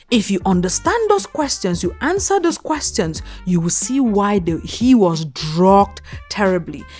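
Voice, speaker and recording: Female commentator, sardonic, animated pitch, faint music bed. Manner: mocking, rhetorical questions, laughs at her subject. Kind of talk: opinionated commentary monologue.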